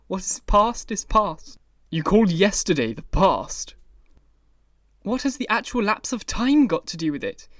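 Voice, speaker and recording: A man reading the part of a vain, bored young gentleman in an audiobook, languid and then shrill in protest. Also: no echo, studio quality, recorded from a distance.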